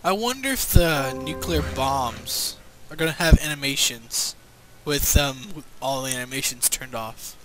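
A teenage man co-hosting a game let's play in casual chat, excitable and casually swearing. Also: mid-range voice, a little slow, over music, rough recording. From United States. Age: teens.

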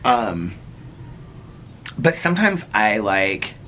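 Bright-voiced chatty middle-aged man. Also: on the low side, sing-song, takes it slowly, a little hiss or hum. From Indiana. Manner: chatty, earnest, heavy use of "like". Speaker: vlogger. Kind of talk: casual personal storytelling.

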